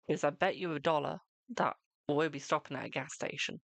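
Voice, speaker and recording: Gravelly-voiced chatty British man. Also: a little high, brisk, fairly bright tone, no room sound. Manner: chatty, self-mocking, swears casually. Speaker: tarot reader and live streamer. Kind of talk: casual live-stream chat.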